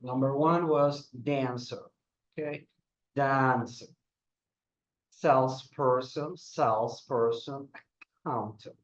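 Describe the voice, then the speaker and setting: Slow-paced man teaching English. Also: medium pitch, reverberant, highs cut off. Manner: slow, repeats words for drills. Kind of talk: online language lesson.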